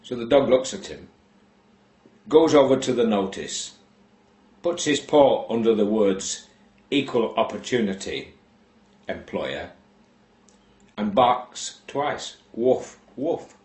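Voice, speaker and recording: Slow deadpan man telling a joke. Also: mid-range voice, echoey room. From England. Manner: unhurried, deadpan storytelling with long pauses. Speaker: joke teller. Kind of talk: slow told shaggy-dog joke.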